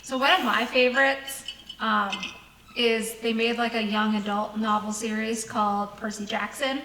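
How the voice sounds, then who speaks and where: A woman co-hosting a casual chat, upbeat and chatty. Her voice is bright and a little high. She is recorded in an echoey room with faint background noise. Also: fairly even intonation, moderate pace. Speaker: co-host.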